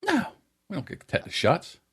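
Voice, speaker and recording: A man on a podcast telling family stories in a casual, animated way. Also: brisk, breathy edge. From New Jersey shore area. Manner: animated, acts out quoted voices in a high pitch. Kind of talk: casual storytelling.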